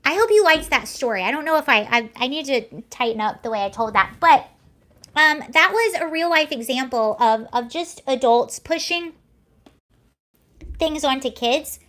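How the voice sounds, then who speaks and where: Young woman, high voice, casual livestream chat, rambling, self-correcting. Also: lively intonation, normal speed, fairly bright tone. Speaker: livestream host.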